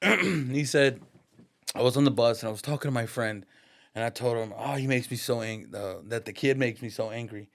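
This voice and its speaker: A man's voice: mid-range voice, moderate pace, vocal fry. A man as a podcast guest, telling a story in casual, profane, slangy talk and acting out the voices in it. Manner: lively, acts out the voices in his stories.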